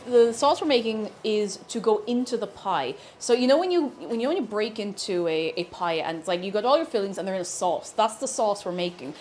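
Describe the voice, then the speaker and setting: A woman's voice: mid-range voice, a little mellow, slight background noise. A woman cooking on a live stream, chatting playfully with her viewers as she works. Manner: chatty, playful, talks to chat while cooking. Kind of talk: casual cooking stream chat.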